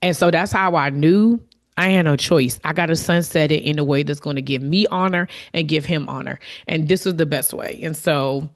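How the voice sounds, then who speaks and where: Speaking at a moderate pace in a low-pitched voice, a podcast host delivers a candid, heartfelt solo monologue. She reflects aloud, using fillers and restarting sentences.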